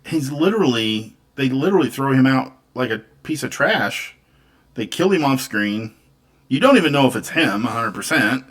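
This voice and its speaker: A man with a bright, forceful tone co-hosts a casual movie chat. His pitch swings widely as he talks, and he laughs easily and speaks candidly. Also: expressive, normal speed. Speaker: podcast co-host.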